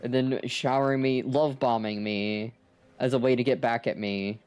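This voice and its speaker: A man's voice: medium pitch, unhurried, darkish tone, clean tone, dry recording. A man chatting casually with his viewers on a live art stream, playful and teasing, swearing freely. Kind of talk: casual live stream chat while drawing.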